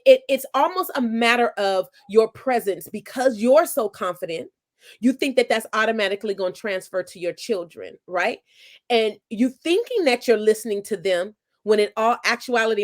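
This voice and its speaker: Earnest woman author telling her story. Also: a little high. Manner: reflective, earnest storytelling with restarts. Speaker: author and interview guest. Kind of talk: conversational interview.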